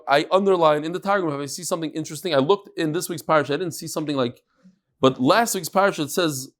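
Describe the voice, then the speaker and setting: A middle-aged man teaching a daily Talmud class in a conversational way, with frequent asides and restarts. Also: fairly high pitch. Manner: conversational, mixes Hebrew and Aramaic terms, frequent restarts and asides.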